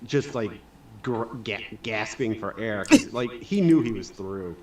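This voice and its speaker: A man as a guest on a casual live stream, talking in halting bursts with restarts and laughs. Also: lowish voice, expressive, a little hiss or hum.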